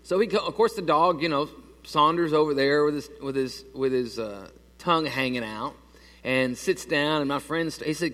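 A man delivers a sermon as a pastor, talking to the congregation like he's chatting with friends and stumbling over restarts. His voice sits a little high for a man. The sound rings with the long reverb of a church sanctuary. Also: moderate pace, bright, forceful tone. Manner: conversational storytelling with many restarts.

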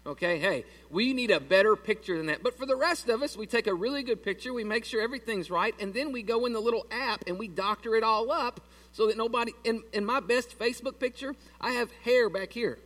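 A man's voice: very high voice, fairly quick, few pauses, fairly bright tone, far from the mic. A man preaching a sermon in a church, folksy and joking with his congregation. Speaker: pastor. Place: church sanctuary.

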